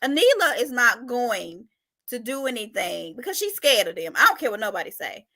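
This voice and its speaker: A woman's voice: fairly high pitch, big pitch swings, normal speed, sharp tone. A woman co-hosting a casual reality TV recap chat, asking questions and giving blunt opinions. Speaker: recap show co-host.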